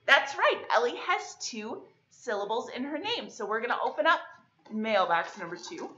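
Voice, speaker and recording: A woman runs a children's storytime with a high, bright voice that swoops lively up and down. She drags words out slowly to clap their syllables, and the recording sounds dull and lo-fi. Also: a little hiss or hum. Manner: slow, exaggerated clapping of syllables; sing-song, cheerful teacher voice addressing young kids. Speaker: children's librarian leading storytime.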